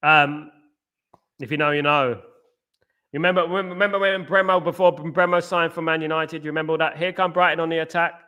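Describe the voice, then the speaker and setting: A man's voice: on the high side, fairly even intonation, a little fast, pushed and bright, clean tone, lo-fi sound. A man hosting a live football watchalong stream. He chats casually with viewers and keeps singing playful chant parodies.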